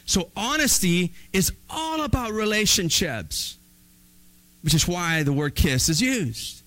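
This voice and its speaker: A male pastor preaching a sermon in an animated, conversational way with playful asides. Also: high-pitched, poor audio.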